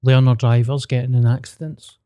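A man's voice: medium pitch, little pitch movement, a little fast, mellow, dry recording, clean studio sound. A man hosting a podcast, talking in blunt, sweary banter. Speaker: podcast host, comedian. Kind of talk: casual chat.

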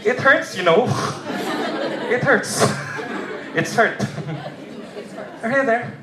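A Filipino man preaching a lively sermon as a pastor, often asking the congregation if they are with him. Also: very high-pitched, takes it slowly, crowd noise. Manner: animated, audience-prompting, humorous. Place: church. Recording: echoey church hall with congregation.

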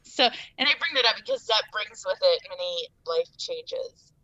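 A woman in her forties with a bright, forceful tone, heard through a muffled phone mic that cuts in and out. She speaks plainly as a podcast guest and turns firm when she argues. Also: a little high, wildly swooping pitch, normal speed. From Iowa. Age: 40s. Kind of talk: casual podcast chat. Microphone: phone, cutting in and out.

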